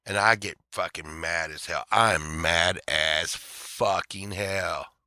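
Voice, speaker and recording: A man's voice: low voice, slow pace, pushed and bright, no room sound, clean studio sound. A man telling a story in an angry, swearing rant, acting out the other people in it. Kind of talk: casual profane storytelling rant.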